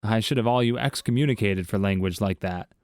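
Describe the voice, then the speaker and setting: A man's voice: lowish voice, brisk, darkish tone, no room sound, close to an everyday voice. Pompous cardinal dude, man reads him, dry close mic. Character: indignant male cardinal.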